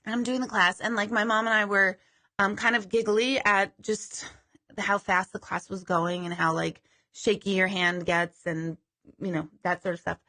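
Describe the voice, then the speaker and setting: With a sharp tone, steady medium pitch and normal speed, a woman runs a live stream as a psychic medium. Her manner is chatty and self-deprecating, with casual swearing here and there.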